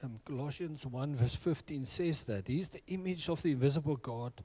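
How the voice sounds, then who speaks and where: A man's voice: fairly high pitch, moderate pace, a little mellow, slightly rough. A middle-aged man preaching a sermon, telling personal stories in an earnest way. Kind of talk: sermon with storytelling.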